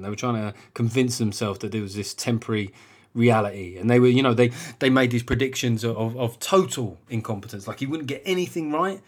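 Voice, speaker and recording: This man, in his forties, hosts a podcast with blunt, casual talk full of swearing and "right?" tag questions. When he's being emphatic, his pitch jumps around restlessly.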